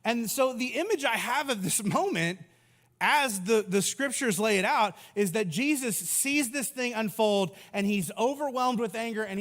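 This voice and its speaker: A man's voice: extremely high pitch, lively intonation, normal speed, fairly bright tone. A man in his thirties preaching a humorous sermon as pastor, acting out little voices and jokes as he goes. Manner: humorous, acts out voices of people and Jesus. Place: large church hall. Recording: long hall reverb.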